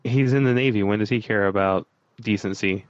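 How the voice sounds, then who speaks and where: A man's voice: fairly low pitch, brisk, dry recording, dull audio. A man hosting a comedy podcast, joking crudely and teasing his co-hosts, then reading the show's wrap-up plainly. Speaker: podcast host. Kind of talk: casual podcast banter and outro.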